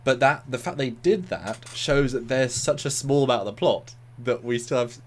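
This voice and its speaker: A man co-hosting a casual review chat, talking in animated bursts and repeating words. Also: medium pitch, normal speed. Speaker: co-host of a review show.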